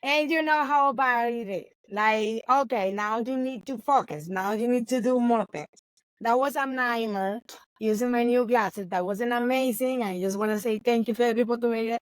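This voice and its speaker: A woman, a baker chatting in an interview, animated and laughing often. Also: fairly high pitch, moderate pace, no room sound, rough recording. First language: Spanish. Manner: animated, laughs often, non-native grammar. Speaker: baker and guest. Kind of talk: casual interview chat.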